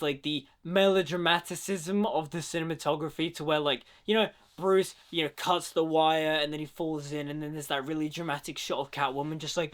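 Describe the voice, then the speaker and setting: A man's voice: fairly high pitch, fairly bright tone. A man giving a casual, opinionated film commentary, talking freely with lots of "like" fillers. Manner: opinionated, chatty, many "like" fillers. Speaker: movie commentator.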